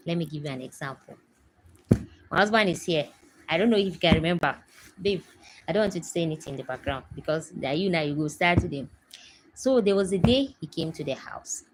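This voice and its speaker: Brief: Nigerian woman in her thirties, low voice, chatty home-stream host, faint hiss behind. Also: poor audio. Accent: Nigerian English. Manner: chatty storytelling, emphatic asides to viewers. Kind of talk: casual chat to a live audience.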